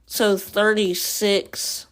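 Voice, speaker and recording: A woman hosting a casual podcast, thinking out loud with rambling asides. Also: medium pitch, level tone, very slow. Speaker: podcast host. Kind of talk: casual chat.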